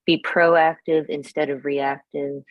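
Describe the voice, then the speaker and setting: A woman reciting her poem over a video call in a steady, rhythmic way. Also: low voice, takes it slowly, no room sound, lo-fi sound. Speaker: poet performer. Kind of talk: poetry reading.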